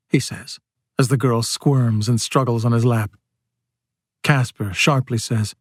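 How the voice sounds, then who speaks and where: A male audiobook narrator with a mid-range voice reads in a steady, measured way. The sound is close and dry, with no room around it. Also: mid-range voice, dry recording.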